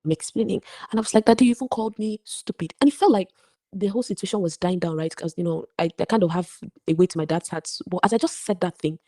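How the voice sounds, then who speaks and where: A young woman telling a personal story as a podcast guest, animated and full of asides. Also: lowish voice, quick pace. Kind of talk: casual storytelling.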